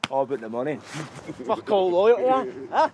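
Curtis, a mocking gangster. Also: male voice, a little high, sing-song, normal speed, a crowd in the background. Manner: mocking and sarcastic, laughs at his mates. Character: sarcastic young male gangster, mocking sidekick.

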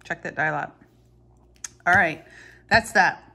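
A woman's voice: fairly low pitch, slow pace, gravelly, pushed and bright. A middle-aged woman chatting casually and joking about herself as she demonstrates stitching techniques at home. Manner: chatty, joking, self-deprecating. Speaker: cross-stitch vlogger. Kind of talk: casual tutorial chat.

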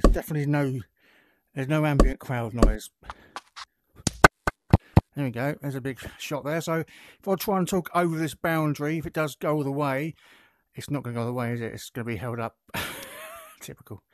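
A man's voice: mid-range voice, normal speed, over loud music. A man giving casual gameplay commentary as he plays a VR game, thinking aloud while he adjusts settings, recorded on the headset's built-in mic. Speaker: VR gaming content creator. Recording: loud game crowd noise over voice. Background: loud cricket crowd and bat clicks from the game.

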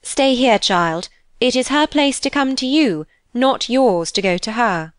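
A woman's voice: on the high side, expressive, measured pace, no room sound, voice pushed up. A woman voicing a stern, authoritative young lady in an audiobook. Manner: commanding.

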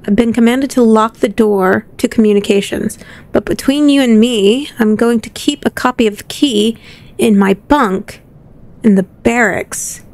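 A woman's voice: a little high, a little slow, darkish tone. A woman voicing a male French soldier, reading his grim diary notes aloud in a put-on French accent. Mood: bitter solemn.

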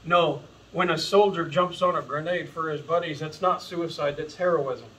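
A man's voice: a little high, normal speed, pushed and bright, distant mic, a little hiss or hum, poor audio. A man preaching an earnest, impassioned sermon as pastor, calling his listeners folks. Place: church sanctuary.

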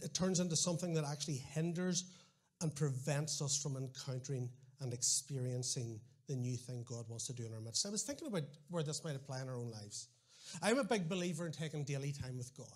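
High-voiced Northern Irish preacher. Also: male voice. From Northern Ireland. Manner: animated storytelling with repeated restarts and wry asides. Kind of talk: sermon.

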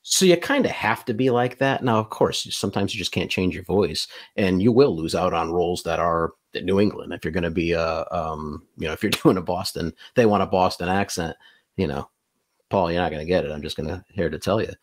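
A man's voice: low voice, a little fast. A man in his forties, a voice actor guest, talking in a laid-back, blunt, joking way. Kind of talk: casual interview chat.

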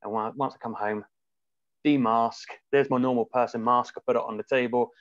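A man's voice: medium pitch, steady tone, no echo. Reflective man on muffled remote audio. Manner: reflective, halting, many restarts. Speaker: podcast guest. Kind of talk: casual conversation.

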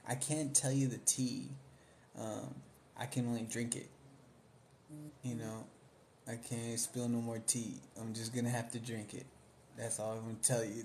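A man's voice: mid-range voice, flat delivery, a little slow, pauses often, darkish tone, slight background noise. A young man in casual chat, rambling in slang about favorite movies and mimicking lines he likes. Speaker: vlogger.

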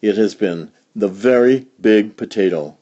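Man reading a kids' storybook, husky mellow voice, dull lo-fi recording. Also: a little slow. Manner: animated, big pitch jumps for emphasis. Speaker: storybook reader. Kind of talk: read-aloud for young learners.

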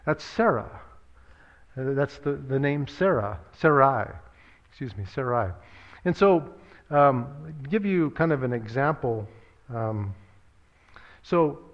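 A man's voice: mid-range voice, dull audio. A man preaching a sermon as pastor, earnest and conversational, often repeating words and using fillers as he works through a point.

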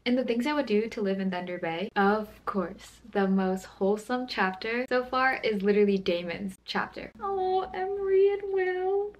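Woman book vlogger, casual and excitable, chatty delivery that trips over itself. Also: medium pitch. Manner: chatty and gushing, with frequent restarts. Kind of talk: casual reading vlog chat.

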